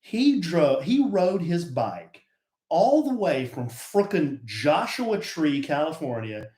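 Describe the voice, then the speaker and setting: A middle-aged man co-hosting a podcast, chatting casually and telling stories in a laid-back, animated way. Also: fairly high pitch, slow. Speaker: podcast co-host. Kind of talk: casual chat. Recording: roomy echo.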